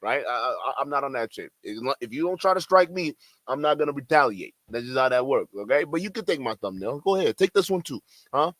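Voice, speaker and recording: A man's voice: mid-range voice, lively intonation, a little fast, fairly bright tone, no echo. A man reacting to a clip with mocking, laughing, profane commentary. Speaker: commentary streamer.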